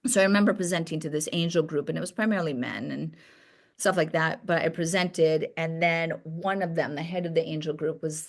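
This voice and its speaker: A woman's voice: low voice, fairly even intonation, brisk. A woman speaking as a podcast guest, a doctor and company founder, talking openly and emotionally in a reflective way. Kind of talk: candid podcast conversation.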